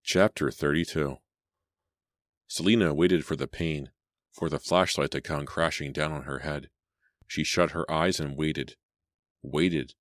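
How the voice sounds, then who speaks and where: A man with an extremely deep voice narrates a suspense audiobook in a measured, steady manner. The recording is dry and close, with no room sound. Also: no room sound. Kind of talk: dramatic audiobook reading.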